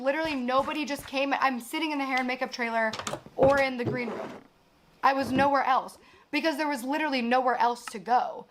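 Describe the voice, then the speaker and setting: A young woman recounting a frustrating job in casual, animated storytelling, exasperated and swearing often. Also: high voice, fairly quick, slight background noise. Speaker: actress recounting a production.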